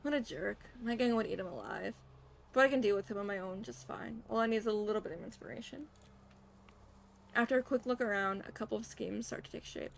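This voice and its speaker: A woman's voice: mid-range voice, brisk, gravelly, slight background noise. A young woman streaming a game, reading the story aloud in first person and dropping casual asides.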